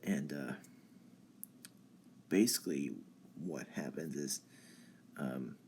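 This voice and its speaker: A young man hosting a live stream, talking through ideas in a halting way with many ums and restarts. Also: rumbling low, darkish tone, a little hiss or hum. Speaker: channel host. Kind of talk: casual philosophy talk on a live stream.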